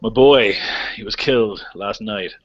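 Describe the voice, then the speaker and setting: A man voicing a gruff, coarse chieftain who is a grieving father, in a tabletop game. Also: lowish voice, measured pace. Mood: weary. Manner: coarse, curses bluntly. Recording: lo-fi, dull recording.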